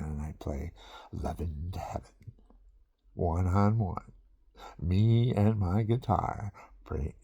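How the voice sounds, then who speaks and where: An older man with a low, gravelly, husky voice that turns dark and mellow. He wanders through his thoughts, repeats himself and slips into whispered asides. The sound is close and dry. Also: no room sound. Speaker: musician vlogger. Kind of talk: rambling casual monologue.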